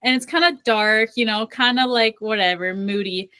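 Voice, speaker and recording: A young woman co-hosting a book podcast, chatting casually and spinning playful what-if scenarios with plenty of "like" fillers. Her voice is bright and sits a little high. It is recorded close and dry, with no room sound. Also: normal speed, clean tone, no echo. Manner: playful, talks through imagined scenarios, many "like" fillers. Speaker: podcast co-host. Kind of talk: casual chat about books.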